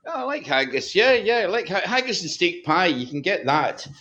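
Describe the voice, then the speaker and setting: A man's voice: high-pitched, sing-song, normal speed, hardly any pauses, sharp tone. A Scottish man chatting on a video call as a guest, hesitant with many ums and restarts. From Scotland. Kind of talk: casual video call chat.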